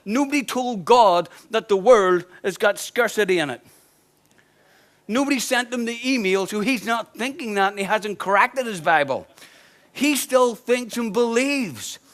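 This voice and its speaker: Man, pastor, high voice for a man, emphatic sermon, repeats phrases, humorous asides. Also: normal speed, fairly bright tone.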